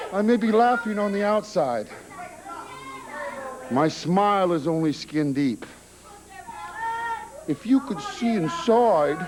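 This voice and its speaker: A shrill, swooping clown wrestler who cackles and drags out every taunt. His voice leaps wildly in a very high register. The hiss of a noisy old TV tape sits under it. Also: exaggerated voice. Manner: cackling, mocking, drawn-out. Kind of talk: 1990s wrestling promo.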